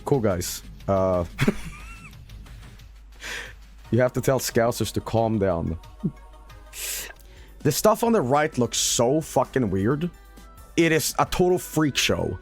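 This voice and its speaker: A man streaming gameplay commentary in a casual, hyperbolic way, with mock-announcer flourishes and shouted swearing at losses. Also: medium pitch, animated, takes it slowly, long pauses, faint music behind.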